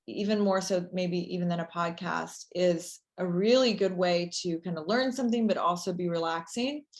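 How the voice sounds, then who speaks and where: Chatty woman explaining her routine. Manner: chatty, many fillers, enthusiastic pitch. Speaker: company founder, interview guest. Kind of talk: casual interview conversation.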